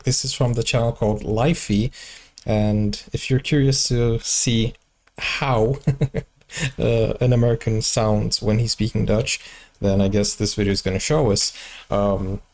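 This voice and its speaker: A man's voice: mid-range voice, darkish tone. A man from Brazil with a Brazilian Portuguese accent, hosting a reaction video in a chatty, hesitant way with fillers and restarts. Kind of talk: casual reaction commentary.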